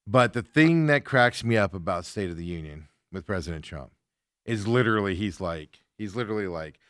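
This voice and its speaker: An animated male talk show host rants about sports with a lively, swooping voice and a bright, forceful tone. He laughs easily and slips into mocking impressions. The sound is dry and close. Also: on the low side, fairly quick, no room sound. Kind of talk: casual sports talk rant.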